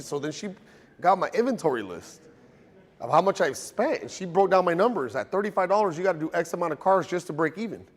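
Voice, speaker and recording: A man's voice: high voice, animated, fast talker, in a large hall. A man teaching a car detailing class to a live group in a casual, joking, storytelling way.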